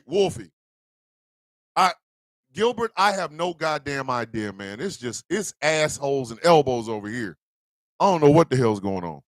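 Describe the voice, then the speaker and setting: Guy hosting a morning show, pretty high voice, super animated and slangy, dry sound. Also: dry recording. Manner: animated, exclaiming, slangy reactions. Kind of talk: casual live show chat.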